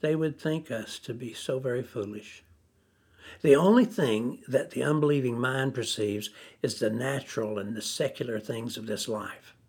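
A man preaching a sermon, slow and deliberate, repeating phrases for emphasis. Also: mid-range voice, a little mellow, slightly rough.

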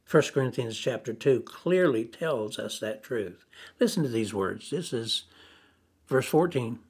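Slow, husky-voiced man preaching. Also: medium pitch, animated, a little mellow. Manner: slow, deliberate, repeats phrases for emphasis. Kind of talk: sermon.

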